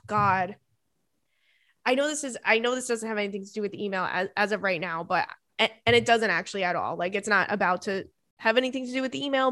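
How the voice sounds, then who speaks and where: A woman's voice: mid-range voice, a bit bright, no room sound, studio quality. A woman in her thirties hosting a podcast, reading listener emails in a casual chat full of laughing tangents and swearing.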